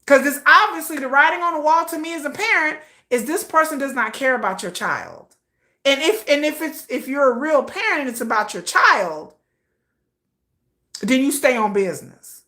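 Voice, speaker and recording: Woman livestream host, blunt and slangy, bright tone, higher voice. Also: normal speed. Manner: blunt, animated and slangy, acting out quoted lines. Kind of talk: casual opinion livestream.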